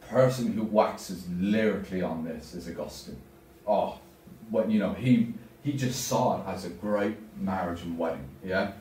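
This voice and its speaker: A man's voice: low-pitched, mellow, a little hiss or hum. A man giving a parish talk as a deacon, speaking emphatically and putting questions to his audience. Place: church. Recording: echoey church from far off.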